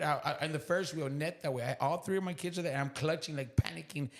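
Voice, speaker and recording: A man with a South Texas accent telling an emotional personal story on a podcast, raw and profane, dropping to hushed whispers and then bursting out loud. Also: mid-range voice, quick pace, gravelly, few pauses. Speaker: podcast guest.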